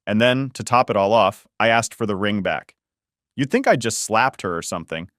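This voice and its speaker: Man, low voice, dry close sound, casual exasperated storytelling narration. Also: lively intonation, moderate pace, fairly bright tone, no room sound. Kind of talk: first-person story narration.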